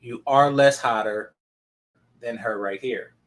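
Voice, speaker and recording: A man's voice: mid-range voice, slow, fairly bright tone. A man commenting on a video clip in a blunt, sarcastic, casual way.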